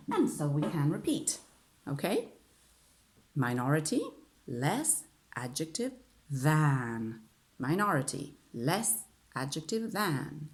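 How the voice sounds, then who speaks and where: Slow, lilting woman teaching English grammar. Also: deep voice, big pitch swings, a little mellow. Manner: slow drilling with many repetitions and "okay?" checks. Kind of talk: online grammar lesson.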